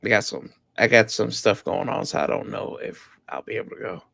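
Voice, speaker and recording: A man's voice: fairly low pitch, a little fast, gravelly, bright, forceful tone, slightly rough, no echo, studio quality. A man guesting on a casual sports talk show, teasing and playful in his banter.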